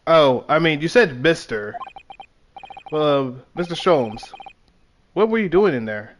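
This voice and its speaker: A man's voice: fairly high pitch, expressive, measured pace, slight background noise. A man reading aloud as an earnest young male lawyer, puzzled and flustered in his questions. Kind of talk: reading game dialogue aloud.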